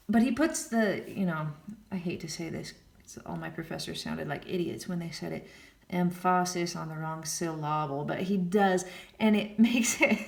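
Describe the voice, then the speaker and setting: A woman's voice: medium pitch, vocal fry. A woman giving a casual jazz piano lesson, counting beats aloud and scatting lines, with chatty self-deprecating asides. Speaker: piano teacher. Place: room with a piano. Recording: echoey room with piano underneath.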